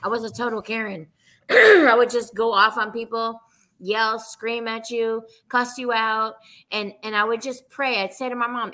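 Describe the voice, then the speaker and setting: A woman's voice: a little high, measured pace, bright, forceful tone, poor audio. A woman speaking frankly and emphatically in a casual chat, swearing and repeating words for emphasis.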